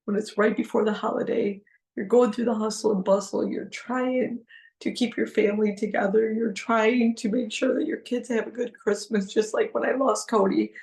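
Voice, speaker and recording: A woman's voice: on the high side, fairly even intonation, moderate pace, gravelly, a little mellow. A middle-aged woman hosting a heartfelt solo podcast, talking earnestly and pleading, repeating phrases for emphasis. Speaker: podcast host.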